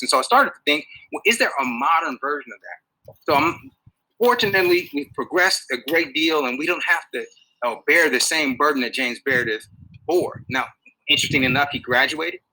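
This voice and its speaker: A man giving a public talk to an audience, animated and full of rhetorical questions. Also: fairly high pitch, breathy edge, rough recording. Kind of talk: public lecture.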